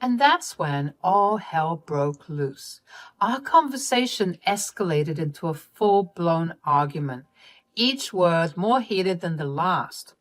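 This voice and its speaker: A woman narrating a personal family drama in an expressive, wry and exasperated way. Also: fairly low pitch, slow.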